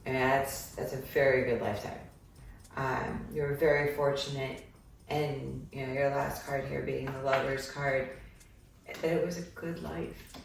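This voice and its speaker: A woman's voice: sits low, vocal fry. A woman giving a psychic reading, talking in a meandering way with many filler ums. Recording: echoey room, far from mic, faint noise.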